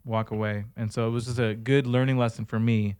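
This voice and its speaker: A man's voice: medium pitch, little pitch movement, brisk, a little mellow, clean tone. A man hosting a podcast, telling a story in casual chat and laughing often. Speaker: podcast host.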